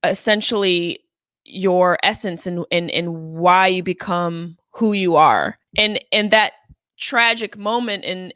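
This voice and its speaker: A woman's voice: medium pitch, a bit bright, clean tone, no echo, clean studio sound. A woman hosting a casual podcast interview, earnest and encouraging, who swears casually. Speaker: podcast host.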